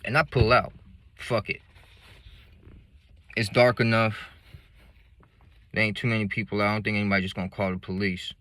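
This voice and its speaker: A man's voice: lowish voice, little pitch movement, normal speed, long pauses, fairly bright tone, a little hiss or hum. Blunt man telling a street story. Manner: blunt, profane street slang. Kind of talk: casual spoken storytelling.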